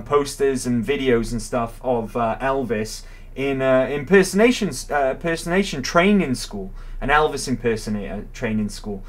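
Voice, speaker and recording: A man commentating his game live, musing aloud in a rambling, curious way. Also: medium pitch. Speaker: game streamer. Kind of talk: livestream gameplay commentary.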